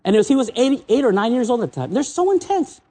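Husky guy preaching in church, emotional, big swings from loud to soft. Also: fast talker. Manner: emotional, swinging between excited highs and soft low asides. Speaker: visiting preacher. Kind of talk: sermon.

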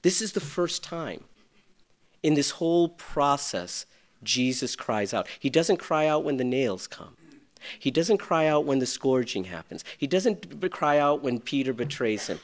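A male pastor with a medium-pitched voice preaches a sermon, swinging from loud, urgent passages to hushed, almost whispered ones.

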